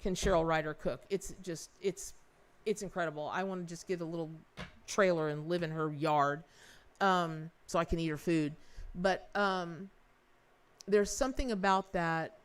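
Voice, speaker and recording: A woman hosting a live-stream tarot reading, talking in an effusive, rambling way with many restarts and speaking warmly to her viewers. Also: fairly low pitch, moderate pace. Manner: folksy and affectionate with viewers. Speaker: tarot reader and livestream host.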